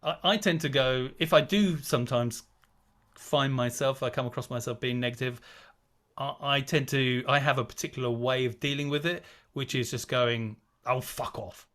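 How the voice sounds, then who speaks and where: A man's voice: mid-range voice, fairly even intonation, normal speed, a bit bright. A man speaking as a guest on a video call, chatty and digressive, acting out quoted inner voices. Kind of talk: casual talk on a video call.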